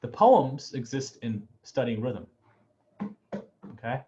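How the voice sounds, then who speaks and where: A man's voice: mid-range voice, big pitch swings, takes it slowly, warm tone, muffled recording. A man teaching an online music class, talking in a loose, chatty way and often checking in with "right?". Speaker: music professor. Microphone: video call.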